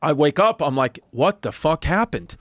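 Animated comedian telling a story, dry mic. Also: male voice, fairly high pitch, normal speed, dry recording. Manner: animated, profane, acts out other people's quotes. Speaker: podcast guest comedian. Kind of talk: casual storytelling. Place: podcast studio.

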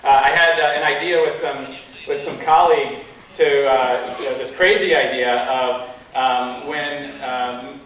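An American man giving a conference talk, halting, with many fillers and restarts. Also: medium pitch, fairly even intonation, fairly bright tone, a little hiss or hum. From United States. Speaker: conference speaker. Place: large conference hall. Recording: echoey hall, mic from a distance.

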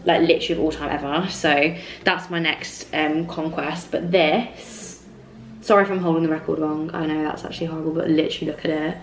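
Young English female vlogger, twenty, low-ish voice, chatty and excitable, filmed in a bedroom with faint noise. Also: brisk. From England. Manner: gushing, excitable, says "literally" and "like" a lot. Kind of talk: casual vlog chat. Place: small bedroom indoors with fairy lights.

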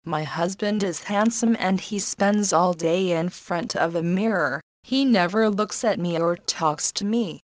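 A woman voicing a spoiled, envious young woman in a slow, plain storybook reading. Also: on the low side, dry recording, natural voice. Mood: complaining. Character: envious older sister, spoiled and resentful.

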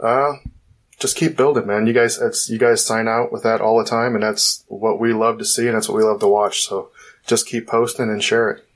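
A man chatting as a guest on a podcast, relaxed and quick to laugh. His voice sits on the low side, and he gets louder when he tells a joke. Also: low-quality recording. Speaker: podcast guest, forum owner. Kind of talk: casual chat.

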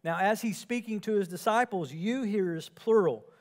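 A male pastor preaching an earnest sermon, moving between emphatic and quiet passages. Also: high voice, normal speed.

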